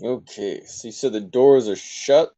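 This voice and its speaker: A man playing a tabletop game, casual and jokey, full of quizzical questions. His tone is mellow and warm, at an ordinary pitch. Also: a little slow. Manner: joking, quizzical. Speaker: player.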